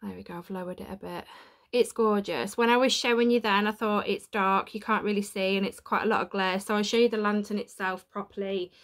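A woman's voice: mid-range voice, fairly even intonation, fairly quick, hardly any pauses. Chatty, tearful woman vlogging. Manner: chatty, self-deprecating, emotional. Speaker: YouTuber. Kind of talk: casual unboxing vlog. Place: home room.

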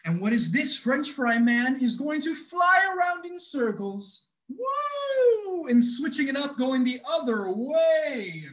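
A man playing an excitable big brother in an interactive children's musical, cheering on and coaching the kids as he talks to them. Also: very high-pitched, measured pace, hardly any pauses, heavily acted, low-quality recording. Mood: playful. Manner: bubbly, encouraging, talks straight to the kids. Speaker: stage performer leading children. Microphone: video call.

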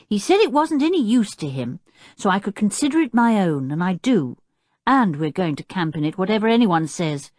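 A woman voicing a stubborn, quick-tempered boy who talks insistently and indignantly in an audiobook. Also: mid-range voice, sing-song, a little mellow, no room sound, studio quality, pitched above the performer's own voice.

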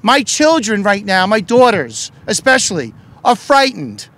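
A middle-aged man, a politician and union leader, giving an impassioned speech at a press event, shouting with fervor and firing off rhetorical questions. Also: high-pitched, sing-song, a little slow.

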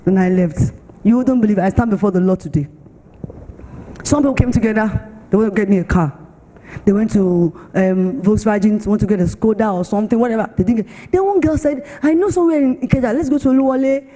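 A woman's voice: mid-range voice, brisk. Nigerian woman preaching in a reverberant hall. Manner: animated storytelling, acts out other voices. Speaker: pastor. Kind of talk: sermon with personal testimony. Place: church hall. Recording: long church-hall reverb.

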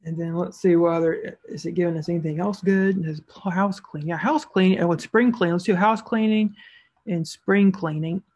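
A woman's voice: lowish voice, normal speed, darkish tone, breathy edge. A woman narrating a screen-recorded tutorial as an online seller, casual and thinking aloud as she clicks through each step.

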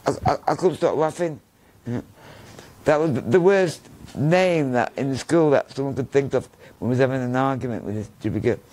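A middle-aged man with a Manchester accent tells his stories in a loose, rambling way, often circling back and repeating phrases. His voice sits at a medium pitch, and his talk is relaxed and conversational. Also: normal speed, rough recording. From Norway. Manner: chatty, rambling, repeats himself, laughs at his own stories. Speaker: guest. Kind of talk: casual interview storytelling.

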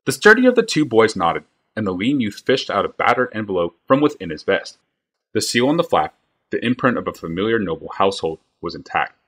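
Low, husky man reading a novel aloud. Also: a bit bright. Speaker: reader.

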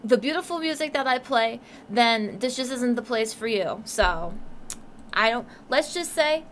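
A woman's voice: a little high, expressive, measured pace, fairly bright tone. A woman live streamer in casual chat with her viewers, cursing through crude mock rants.

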